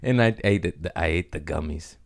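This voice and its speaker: A man's voice: rumbling low, moderate pace, vocal fry. A man hosting a podcast, telling loose, rambling stories with swearing and laughs in a casual chat. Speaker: podcast host.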